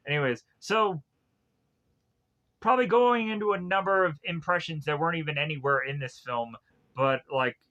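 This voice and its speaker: A man giving a casual spoken film review, rambling and halting with many filler words. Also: fairly high pitch, pushed and bright.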